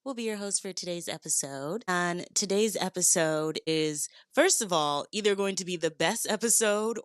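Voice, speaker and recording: A woman hosting a podcast in a casual, chatty monologue from a hotel bedroom, playful and upbeat with sudden leaps in pitch. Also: fairly bright tone, no echo, studio quality. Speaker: podcast host.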